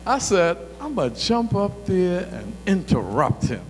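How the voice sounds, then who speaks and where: Fiery high-voiced man in a hall. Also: unhurried. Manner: animated, colloquial storyteller who gets excited. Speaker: former city council member giving a talk. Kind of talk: fiery public speech. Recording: reverberant hall with faint hum.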